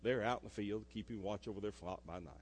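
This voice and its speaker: A male pastor, preaching a sermon and swinging between loud emphasis and soft asides. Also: lowish voice, fast. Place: church sanctuary. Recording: echoey church hall.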